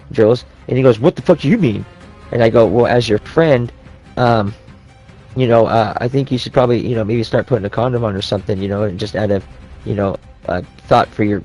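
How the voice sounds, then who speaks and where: A man's voice: medium pitch, a little mellow. A young man ranting as he retells an argument with friends, swearing often and acting out what each person said. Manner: profane, rambling, heated retelling of quoted dialogue. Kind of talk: ranting storytelling.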